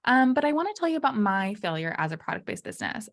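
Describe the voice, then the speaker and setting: A woman's voice: mid-range voice, big pitch swings, fast, hardly any pauses. A young adult woman hosting her podcast alone, talking casually and candidly, with lots of fillers, and laughing her way through hard topics. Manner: chatty, many fillers like "you know" and "um". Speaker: podcast host. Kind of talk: solo podcast monologue.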